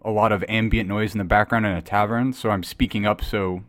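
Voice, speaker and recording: A man's voice: fairly low pitch, steady tone, brisk, fairly bright tone, dry recording, studio quality. A man playing a tabletop game, casually explaining his character. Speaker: player.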